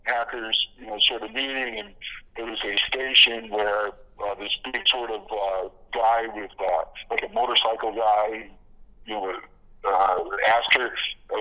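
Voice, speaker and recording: A man's voice: lowish voice, fairly even intonation, normal speed, pushed and bright, rough recording. A man guest on a podcast interview, telling his stories casually with many fillers and restarts, laughing at his own jokes. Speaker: podcast guest, comic creator.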